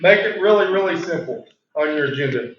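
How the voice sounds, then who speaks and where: A man leading a training session, asking the room questions and repeating words for emphasis, clearing a voice he is losing. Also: a little high, expressive, brisk, a bit bright. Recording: very echoey room, distant mic, muffled.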